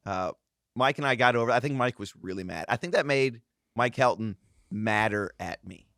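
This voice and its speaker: Brief: podcast co-host in his thirties, mid-pitched man, casual storyteller, dry close mic. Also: normal speed, clear, resonant tone, no echo. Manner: animated anecdote-telling with quoted voices. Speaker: guest host, former racing driver.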